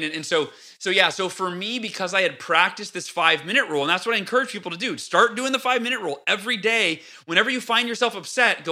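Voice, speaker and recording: A man with a high, very bright and forceful voice tells stories in a casual podcast chat. He acts out his own past outbursts with lively energy, then settles back into calm explanation. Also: fast talker, few pauses. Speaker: podcast guest. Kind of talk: casual interview talk.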